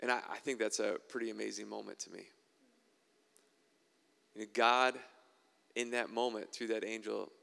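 Guy preaching in a big echoey hall, kinda gravelly, chatty with little wry asides between bible readings. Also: on the low side, little pitch movement, normal speed, long pauses, pushed and bright. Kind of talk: sermon with scripture reading.

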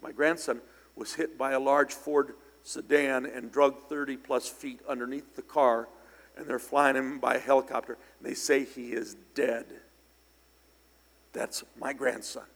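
An older male pastor delivers a storytelling sermon from the pulpit, speaking easily and conversationally at a middle pitch, steady and a little slow, before erupting into loud, emphatic bursts. A long reverb from the large church hall trails each phrase.

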